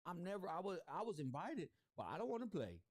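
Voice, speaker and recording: Confrontational livestream host, a man, slangy and repetitive, slightly high voice, dry close sound. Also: very animated, quick pace, darkish tone, no room sound. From South Central Los Angeles. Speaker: YouTube commentary host. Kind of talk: livestream commentary rant.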